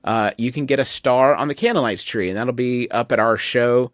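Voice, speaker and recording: Male comedy podcast co-host, middle pitch, dry sound, meandering sincere talk. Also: moderate pace, no echo. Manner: meandering, earnest asides. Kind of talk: casual comedy podcast banter.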